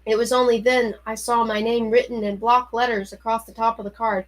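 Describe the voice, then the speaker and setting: Woman reading a novel aloud, expressive and fairly high-pitched, startled and anxious in turns. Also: fairly quick, few pauses, rough recording. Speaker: reader.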